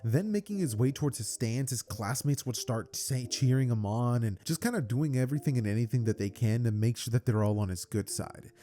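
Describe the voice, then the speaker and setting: A man's voice: mid-range voice, animated, a little fast, few pauses, mellow. A man casually narrating a fan-made story, rambling with lots of fillers. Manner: rambling, filler-heavy retelling. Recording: faint background music.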